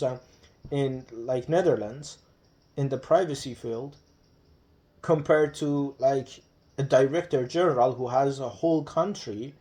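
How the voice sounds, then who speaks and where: A man vlogging in a loose, reflective monologue. He hesitates constantly, with many restarts and fillers as he searches for words. His voice sits at an ordinary middle pitch. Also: mellow.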